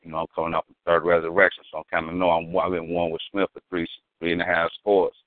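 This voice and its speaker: A man's voice: deep voice, flat delivery, fast talker, no echo. A man telling a rambling, profane, slang-heavy story with philosophical asides. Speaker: storyteller guest. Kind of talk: casual storytelling. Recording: tinny phone-like, dry.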